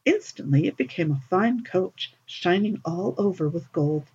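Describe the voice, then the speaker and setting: A woman narrating a fairy tale in an expressive, lilting storybook reading, on a dull lo-fi recording. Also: lowish voice, a little slow, breathy edge.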